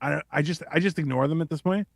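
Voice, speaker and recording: Animated, profane man in casual talk. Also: fairly high pitch, fast, creaky, no echo, clean studio sound. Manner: profane, animated, acts out quoted exchanges. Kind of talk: casual chat.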